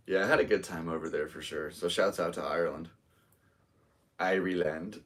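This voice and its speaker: A deep-voiced American man in his thirties hosts a solo live podcast. He chats in a loose, easygoing ramble and talks straight to his viewers. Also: fairly even intonation, normal speed, fairly bright tone, distant mic. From United States. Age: 30s. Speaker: podcast host and stand-up comedian. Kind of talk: casual solo livestream chat.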